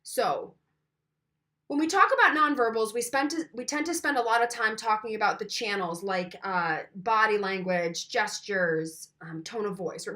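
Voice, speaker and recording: A woman's voice: medium pitch, bright, forceful tone. A woman instructor giving a conversational recorded lecture, asking the listener questions and demonstrating changes in her own voice.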